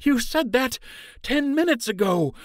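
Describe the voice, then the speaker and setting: Guy putting on a high strained voice for a stubborn young rabbit girl in a storybook, dry close sound. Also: expressive, a little slow, no room sound. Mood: frantic.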